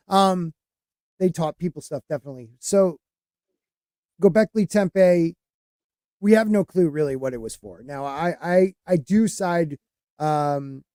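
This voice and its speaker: Rambling man, mellow voice, dry sound. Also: fairly high pitch, dry recording. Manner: rambling, halting with many fillers and restarts. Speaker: podcast host. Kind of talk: casual podcast chat.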